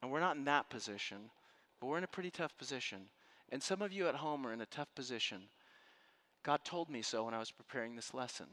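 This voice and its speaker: A man preaching a sermon to a room and listeners at home, telling a story with passion and dropping from loud to hushed. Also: mid-range voice, animated, fast. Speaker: pastor. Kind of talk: sermon to a live congregation. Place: room with an audience.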